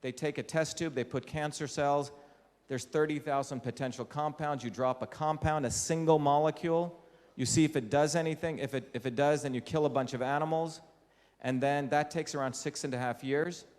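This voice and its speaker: A man's voice: on the high side, fairly even intonation, moderate pace, darkish tone. A man from India giving a public lecture to a live audience, speaking emphatically and often putting rhetorical questions to the room. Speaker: invited lecturer. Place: lecture hall. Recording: reverberant hall.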